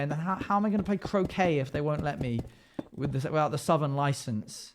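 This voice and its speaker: A man's voice: mid-range voice, quick pace, creaky, a little mellow, slight background noise. A man chatting casually with his live stream viewers, playful and joking with frequent laughter. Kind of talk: casual livestream chat.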